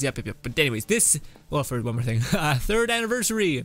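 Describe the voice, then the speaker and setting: A man's voice: mid-range voice, lively intonation, brisk, fairly bright tone. A man streaming a casual, rambling commentary on a game update, chuckling often in a wry way. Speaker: gaming streamer.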